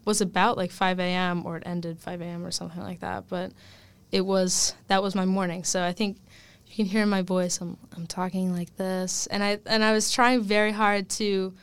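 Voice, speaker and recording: A woman's voice: medium pitch, level tone, normal speed, clear, resonant tone, dry recording. A young woman, a first-year college student, talking casually in an interview, chatty with many fillers and laughs. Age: young adult. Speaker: student guest.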